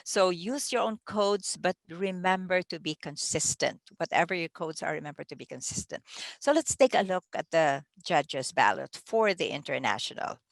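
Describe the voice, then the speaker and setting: Woman with a lowish voice, giving judges' training. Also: lively intonation, moderate pace, creaky, dry recording. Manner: conversational, with restarts and small laughs. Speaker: contest judging trainer. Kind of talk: training talk.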